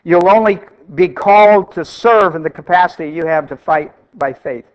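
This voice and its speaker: A man with a high voice preaches, pressing each point and saying key lines twice. The recording sounds a little dull and lo-fi. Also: moderate pace. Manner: emphatic, repeats phrases for stress. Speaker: pastor. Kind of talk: sermon.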